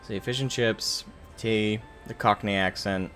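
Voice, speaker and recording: A man's voice: fairly low pitch, steady tone, unhurried, a bit bright, faint music behind. A man streaming a game live, chatting casually with viewers, rambling and correcting himself as he jokes with the chat. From United States.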